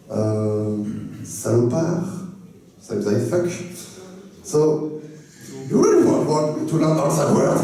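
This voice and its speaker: French man, french accent, joking talk, slow and lively, heard from afar in a booming hall. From France. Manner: playful, laughing, mixes French words into English. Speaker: convention panelist. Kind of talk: casual talk to a live audience. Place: convention hall. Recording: echoey hall, voice from far off.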